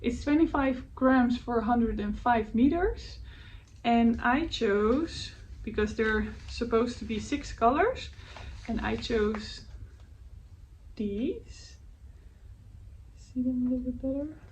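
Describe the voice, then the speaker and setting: A woman hosting her knitting podcast, chatting casually and hesitantly, often searching for words and laughing softly at herself. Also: a little high, a little slow. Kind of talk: casual show-and-tell chat. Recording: faint background noise, voice a bit distant from the mic.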